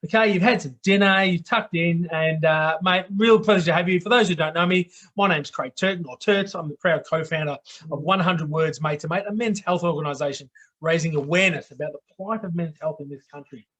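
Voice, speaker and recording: Brisk and a bit bright, his voice sitting on the high side, the middle-aged Australian host of a live online talk show keeps things blokey and down-to-earth. He checks in with "okay?" again and again for emphasis.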